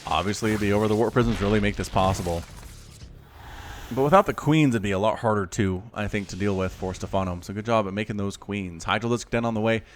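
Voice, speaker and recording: A man casting a strategy game solo, chatty and excitable, with sudden high-pitched exclamations. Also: fast, a little hiss or hum. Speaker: esports caster. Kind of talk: solo play-by-play game commentary. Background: faint background music.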